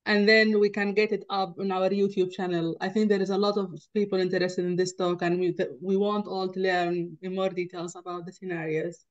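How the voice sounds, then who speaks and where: A polite speaker cuts into a webinar, talking haltingly and searching for words. The pitch stays flat, and the call audio sounds dull and lo-fi. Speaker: co-founder of the organizing group. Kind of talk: interjecting in a webinar.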